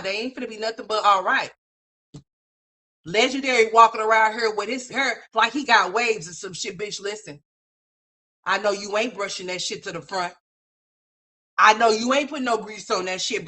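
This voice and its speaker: A woman hosting a livestream, giving profane, brash, scolding commentary full of slang. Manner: animated, swings between loud and low. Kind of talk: ranting commentary.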